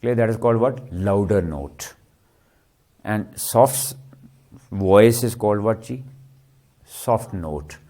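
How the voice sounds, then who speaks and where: A man giving a classroom lecture, often asking his students "clear?" and answering his own questions. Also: on the low side, animated, slow, long pauses, warm tone. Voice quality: repetitive, question-and-answer teaching style. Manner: checks understanding with frequent "clear?" and "ji".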